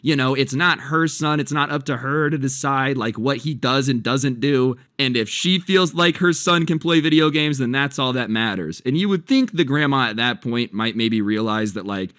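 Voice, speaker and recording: A man's voice: medium pitch, normal speed, few pauses, fairly bright tone, no room sound, studio quality. A man casually narrating a story as a channel host, chatty and loose with lots of fillers.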